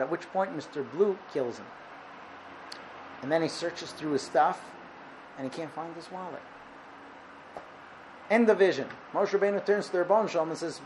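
A man teaching a Torah lesson, explaining with a parable and acting out its dialogue with animated delivery. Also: high voice, normal speed, slight background noise, low-quality recording. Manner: animated, acts out dialogue in the story. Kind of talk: lecture with parable storytelling.

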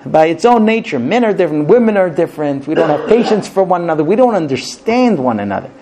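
A rabbi lecturing on marriage, acting out bickering spouses and quoting Hebrew phrases before translating them. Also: male voice, a little high, quick pace, background noise. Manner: animated, acts out squabbling spouses in quoted dialogue. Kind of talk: spoken lecture.

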